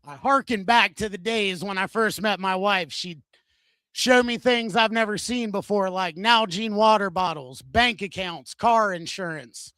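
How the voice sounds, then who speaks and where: A man's voice: high-pitched, a little slow, sharp tone, clean tone, no room sound. Crude, self-mocking male stand-up comic. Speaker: stand-up comedian. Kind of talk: stand-up comedy set. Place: comedy venue stage.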